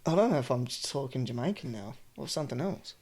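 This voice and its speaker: A man's voice: medium pitch, animated, a little fast, darkish tone, husky. An Australian man co-hosting a podcast in casual chat, swearing often and trailing off mid-sentence. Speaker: podcast co-host.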